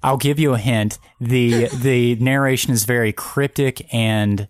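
A man's voice: mid-range voice, fairly even intonation, measured pace, no echo. A man co-hosting a podcast in casual chat, joking and self-deprecating. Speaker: podcast co-host.

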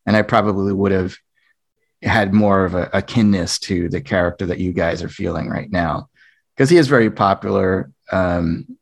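A man co-hosting a casual panel chat, relaxed and rambling with many fillers. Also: low-pitched, moderate pace. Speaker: podcast co-host.

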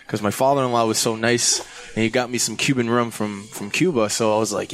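Male co-host, casual group chat, animated storyteller, mid-pitched everyday voice. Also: fairly quick. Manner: animated storyteller, acts out his own reactions. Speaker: cigar podcast co-host.

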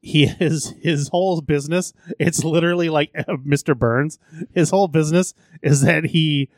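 A man's voice: fairly high pitch, steady tone, moderate pace, darkish tone, no echo, clean studio sound. A man co-hosting a podcast, chatting loosely about a film and laughing as he retells its scenes. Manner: laughs often, retells scenes with acted quotes. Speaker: podcast co-host. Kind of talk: casual movie review chat.

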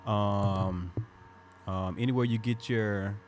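A man with a Southern American accent co-hosting a podcast, chatting casually in a home garage with relaxed slang-filled storytelling. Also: on the low side, takes it slowly, a little hiss or hum. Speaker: podcast co-host. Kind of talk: casual chat.

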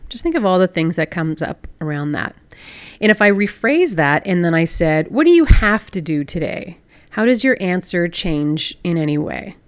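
A woman's voice: lowish voice, no echo. A woman, hosting a solo podcast in a conversational way and asking the listener questions. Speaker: podcast host.

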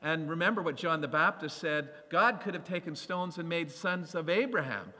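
A male preacher delivers an animated sermon, giving scripture voices as he reads. His voice is bright and a little high. It rings with a long reverb, as in a large hall. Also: moderate pace.

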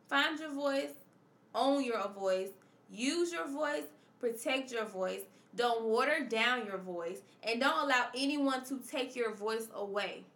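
A woman's voice: a little high, fairly bright tone, echoey room. A woman hosting a confessional podcast, speaking emphatically and repeating her points in a preacherly way. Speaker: podcast host. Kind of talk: personal confessional podcast monologue.

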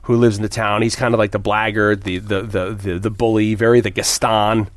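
A man's voice: on the low side, level tone, fairly quick, no echo. A man co-hosting a casual movie chat, rambling and profane, with many restarts. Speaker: podcast co-host.

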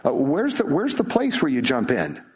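A man's voice: on the high side, huge pitch swings, moderate pace, slightly rough. A man, a pastor, giving a conversational sermon full of rhetorical questions and storytelling.

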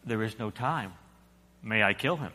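A preacher voicing a stern, calm male angel in a low, hushed voice. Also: normal speed. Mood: insistent. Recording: echoey hall.

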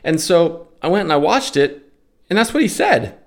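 A man's voice: fairly high pitch, very animated, moderate pace, creaky. A man talking in a casual, opinionated rant, exasperated and sarcastic, then calling out live stock trades. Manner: opinionated, exasperated, sarcastic, with mocking put-on voices. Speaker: stock day trader and commentator. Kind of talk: casual ranting monologue.

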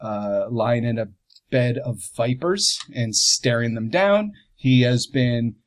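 A man's voice: mid-range voice, animated, slow pace. A man rambles happily about his character in a casual tabletop game session. He is amused, and his talk is full of fillers and side turns. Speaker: tabletop role-play player.

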